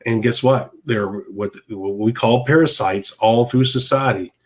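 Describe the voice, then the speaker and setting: A man's voice: lowish voice, a little slow. A man hosting a podcast, giving an emphatic, repetitive motivational monologue in a preachy tone. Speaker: podcast host.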